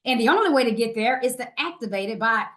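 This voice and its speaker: A woman's voice: a little high, expressive, quick pace, fairly bright tone. A woman from Louisiana, a guest author and herbalist, talking in an emphatic, preacherly way in an interview. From Louisiana, USA. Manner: emphatic, preacherly, quotes scripture. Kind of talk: conversational interview.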